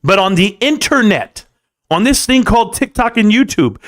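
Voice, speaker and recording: A man's voice: high-pitched, very animated, normal speed, fairly bright tone. A man hosting his own live stream, giving an emphatic motivational monologue in which he talks straight to his viewers and repeats his points.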